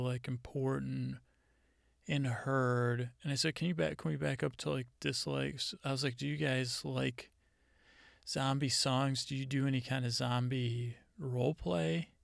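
A man hosting a comedy podcast, retelling a conversation in a rambling, deadpan way with many halting restarts. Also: mid-range voice, creaky, no room sound, clean studio sound.

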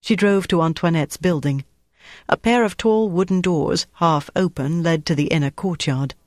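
An audiobook narrator reading a novel in a steady, even storytelling voice. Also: medium pitch, normal speed, no room sound, studio quality. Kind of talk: scripted narration.

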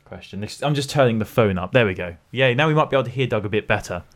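A man's voice: on the low side, animated, very fast, a bit bright. A young man from Britain, co-hosting a podcast with curious, giggly questions. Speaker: podcast co-host. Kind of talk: casual chat.

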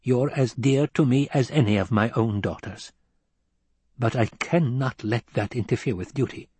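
A man reading as a commanding old woman, husky voice, dry close sound, clipped and stern. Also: mid-range voice, moderate pace, dry recording. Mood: gentle. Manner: commanding and clipped, softening at times. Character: stern old woman, a domineering religious elder. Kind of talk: audiobook character reading.

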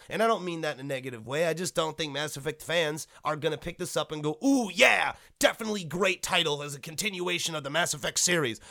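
A young man with a fairly high voice holds forth in a blunt, profane rant. He rambles and keeps restarting his sentences as he talks straight to his listeners. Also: bright, forceful tone. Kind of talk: ranting monologue.

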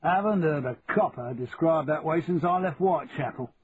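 A man's voice: on the high side, normal speed, voice pushed up, close to an everyday voice. A man voicing a chummy Cockney businessman in his sixties with blunt, matey banter. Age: 60s. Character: sixty-four-year-old Cockney businessman, shrewd and chummy. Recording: tinny lo-fi audio with faint hiss.

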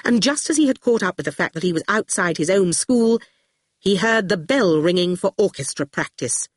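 An audiobook narrator reading scripted narration expressively and dropping low for speech tags. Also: expressive, normal speed, dry recording, clean studio sound.

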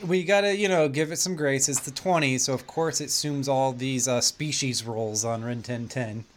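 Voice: medium pitch, normal speed, a little hiss or hum. A podcast co-host chatting casually about an old film, laughing often and making sarcastic asides. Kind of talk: casual film review chat.

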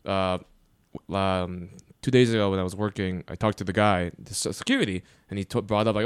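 A man's voice: low-pitched, fairly even intonation, fairly quick, smooth, dry recording. A young man co-hosting a podcast, telling crude, rambling work stories with lots of swearing. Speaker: podcast co-host. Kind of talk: casual chat.

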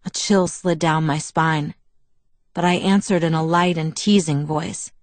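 A woman reading a novel aloud in first person, with a steady, measured delivery. Her voice is on the low side, recorded close and dry. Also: dry recording. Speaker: audiobook narrator.

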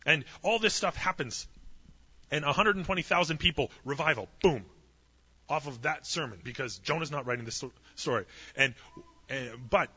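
A man's voice: fairly high pitch, moderate pace, bright, forceful tone, slightly rough, highs cut off. A man preaching a sermon, retelling a story with humorous asides and acting out the voices in it. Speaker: pastor.

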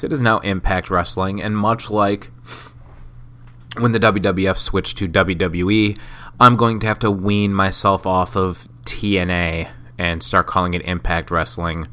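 Sick male podcaster, solo rambling monologue, swears and mocks himself; bright, edgy, low-pitched voice. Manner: rambling, profane, self-mocking. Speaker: podcast host.

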